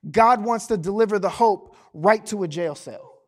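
Male pastor, very high voice, animated sermon delivery with playful asides. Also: moderate pace. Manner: animated, joking asides to the congregation.

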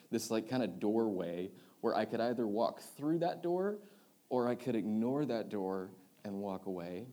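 A young man, a youth pastor, preaching a sermon built around a personal story, swinging from loud excited retelling to quiet earnest reflection. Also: lowish voice.

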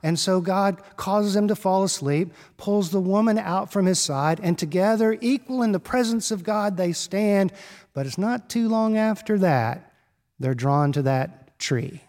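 A man's voice: sits high, unhurried, darkish tone. Man preaching in a reverberant hall. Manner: conversational and wry, with playful asides. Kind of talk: sermon. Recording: long reverb of a large hall.

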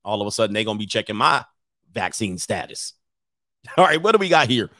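A man's voice: lowish voice, brisk, no room sound. A man hosting a casual livestream, telling stories with lots of laughter and reading viewer comments aloud. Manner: animated storyteller who laughs often. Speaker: host of a livestream show.

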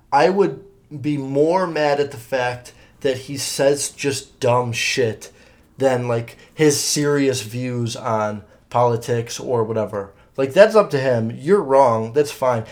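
A man's voice: medium pitch, slow pace, a little mellow. A young man hosting his own podcast, telling stories in a rambling, profane, filler-heavy way. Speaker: podcast host. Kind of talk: casual solo podcast monologue.

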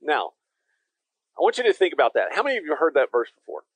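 A man's voice: fairly high pitch, huge pitch swings, fast talker, no echo, rough recording. A man preaching a conversational sermon as pastor, emphatic and speaking directly to his listeners.

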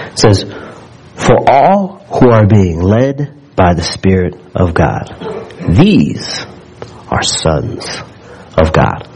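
A man preaches a Sunday sermon in a church. His voice sits low and carries a husky edge. He moves between reading scripture aloud and fervent, building exhortation. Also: darkish tone, low-quality recording. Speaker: pastor.

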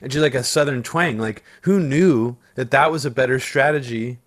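A man's voice: medium pitch, normal speed, fairly bright tone. Casual, profane man in political chat. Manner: casual, profane, rambling with restarts.

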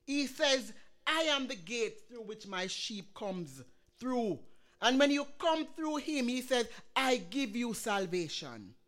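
A woman's voice: on the high side, sing-song, slow pace, fairly bright tone. Woman, preacher, sermon, fervent, rising emphasis, scripture quotes.

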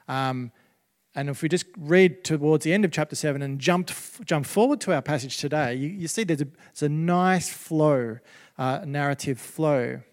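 A man's voice: a little high, moderate pace, long reverb tail. A man preaching a sermon as pastor, conversational, with many fillers and restarts.

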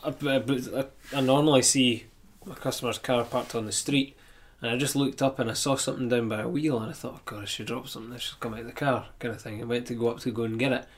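A man's voice: mid-range voice, fairly even intonation, quick pace. A man, a podcast guest telling a rambling, chatty story full of restarts. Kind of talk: casual chat, anecdote telling.

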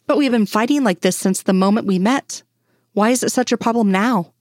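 A woman's voice: a little high, fairly quick, no echo, studio quality, natural voice. A woman voicing a wry grown man, a teasing FBI agent, in a fan story reading. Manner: teasing, laughing.

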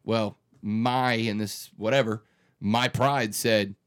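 A man's voice: on the low side, steady tone, slow. A man in his thirties who hosts a radio morning show, speaking in an earnest, emphatic way with frequent restarts during a conversational interview.

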